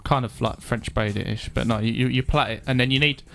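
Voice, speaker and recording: A young man chatting as a podcast guest, halting and hesitant, with many restarts. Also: medium pitch, steady tone, creaky, a bit bright. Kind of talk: casual chat.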